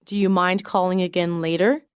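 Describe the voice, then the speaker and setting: A woman reading business English sentences aloud in a measured, clearly enunciated way. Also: fairly low pitch, flat delivery, dry recording, clean studio sound. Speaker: English phrase reader. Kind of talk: slow read-aloud example sentences.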